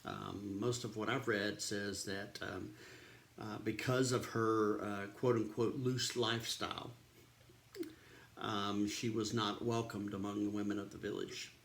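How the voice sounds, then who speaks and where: A man's voice: fairly low pitch, creaky, fairly bright tone, a little hiss or hum. A man, a pastor casually retelling a Bible story in a devotional, with many ums and uhs.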